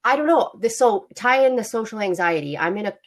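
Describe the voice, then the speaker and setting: A woman's voice: medium pitch, lively intonation, fairly quick. A woman co-hosting a casual podcast, chatty and open, laughing often and using many fillers. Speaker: podcast co-host.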